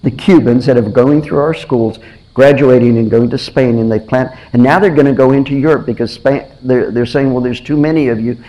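A man's voice: medium pitch, normal speed, poor audio. A man preaching a sermon, telling stories with energy and acting out the lines of the people in them, often repeating his words. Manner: animated storytelling, acts out voices, repeats himself.

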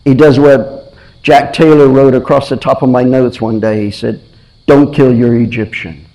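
A man's voice: medium pitch, normal speed, dark tone, poor audio. Earnest male preacher, questioning. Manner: earnest, questioning, repeats and restarts phrases. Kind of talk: sermon.

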